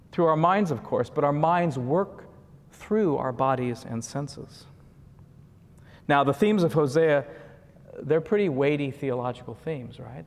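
Man preaching in an echoing hall. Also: fairly high pitch. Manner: conversational, with frequent asides and chuckles. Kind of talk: sermon. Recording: long reverb of a large hall.

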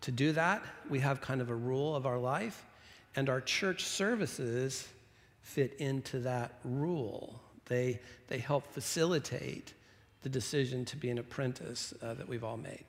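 A middle-aged male pastor gives a sermon in a loose, conversational manner, breaking off into restarts and friendly asides. His voice sits at an ordinary middle pitch for a man, and it carries a long reverb from a church sanctuary. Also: measured pace.

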